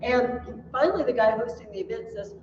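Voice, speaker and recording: A woman lectures a class with a slightly high, very lively voice, telling stories with animation. She is picked up by a faraway mic in a roomy, echoing classroom with a long reverb tail. The sound is dull and lo-fi, with a faint room hum underneath. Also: a little fast. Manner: animated storytelling, laughs at her own tales. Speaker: teacher. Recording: echoey classroom from a distant mic.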